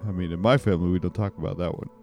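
A man's voice: low-pitched, steady tone, racing, darkish tone, soft background music. A man putting on a comic impression of a male president who stalls and rambles evasively.

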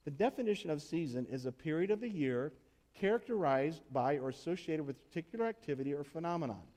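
Male preacher, fairly high voice, emphatic and chatty delivery, frequent rhetorical questions. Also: animated, fast, a little mellow. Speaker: pastor. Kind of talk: sermon.

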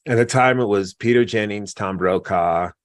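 A man telling stories in a relaxed conversational way, with frequent fillers. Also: fairly low pitch, normal speed, no echo, studio quality. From American West. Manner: relaxed storytelling, many fillers. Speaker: guest. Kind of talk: casual conversation.

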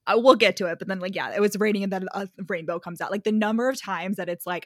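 A woman's voice: medium pitch, fast, few pauses, no echo. A woman co-hosts a casual chat, recapping a book and mocking its characters, laughing often as she goes. Her voice sits mid-range, and the recording is dry and close, with no room sound. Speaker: podcast co-host.

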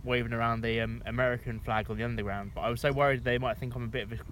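Casual podcast co-host, man from england, quick talker, swears a lot, laughs along. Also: medium pitch, flat delivery, a bit bright, a little hiss or hum. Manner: sweary, rambling, laughs often. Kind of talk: casual chat.

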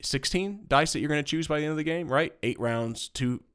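On a laid-back board game podcast, a male co-host jokes around and spends a long time explaining rules, his delivery animated and rambling. His voice is fairly high with a clean tone, and he talks a little fast into a studio microphone in this casual chat.

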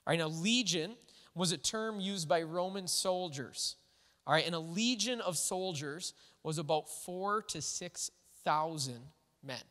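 Brief: a high-voiced man preaching loosely and conversationally, with a long hall echo. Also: unhurried. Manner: conversational, animated, full of "like" and "all right". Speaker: pastor. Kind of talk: sermon. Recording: echoey hall.

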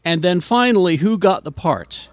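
Gravelly, higher-voiced male radio host. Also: lively intonation, moderate pace, no room sound, studio quality. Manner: rambling, with frequent fillers and restarts. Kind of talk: casual radio chat.

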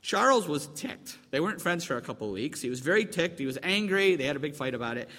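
Male pastor, slightly high voice, chatty and joking, reverberant sanctuary. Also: sing-song, fast, bright, forceful tone. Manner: chatty and joking, asks the congregation questions. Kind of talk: conversational sermon. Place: church sanctuary. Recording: long hall reverb.

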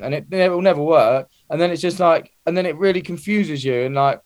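A man's voice: on the high side, fairly quick. A man, a music producer in a casual chat, who rambles and keeps restarting his sentences in slangy talk.

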